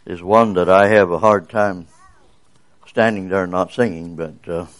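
An older man with a bass voice gives a sermon. His pitch sits low, and he talks in a folksy, rambling way with frequent fillers. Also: steady tone, moderate pace. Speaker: visiting preacher.

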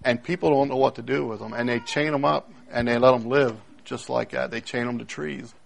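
A man preaching a sermon, emphatic, repeating key phrases and swinging between loud declarations and hushed moments. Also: mid-range voice, fairly even intonation, fairly quick, gravelly. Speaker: pastor.

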